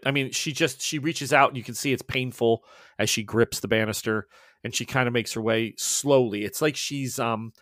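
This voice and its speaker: A man's voice: mid-range voice, a bit bright, no echo, clean studio sound. A man narrating a tabletop horror game as game master, describing scenes casually and with fillers.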